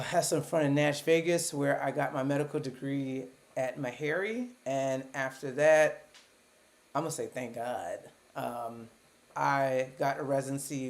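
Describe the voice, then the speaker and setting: A woman's voice: extremely low pitch, a little mellow. A woman in her thirties from Baltimore, a psychiatrist hosting her own live stream, talking casually at a computer webcam with joking asides about herself. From Baltimore, United States.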